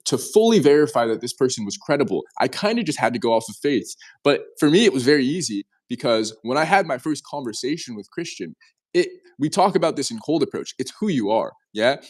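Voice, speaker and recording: A man in his twenties, a guest in a casual interview, telling his story in an animated way and often restarting his sentences. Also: mid-range voice. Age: 20s.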